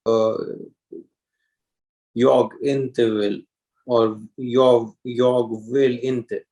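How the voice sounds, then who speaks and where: A man's voice: mid-range voice, level tone, drawn-out words, mellow, low-quality recording. A man learning a language in a one-on-one lesson, hesitant and full of fillers as he repeats after his teacher. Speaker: language student.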